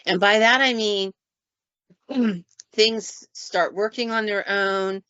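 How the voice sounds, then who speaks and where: A woman, a paranormal investigator, telling stories in a casual podcast chat and acting out sounds and quotes with lively flair. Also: mid-range voice, slow pace, clear, resonant tone, dry recording. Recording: dull, dry lo-fi recording.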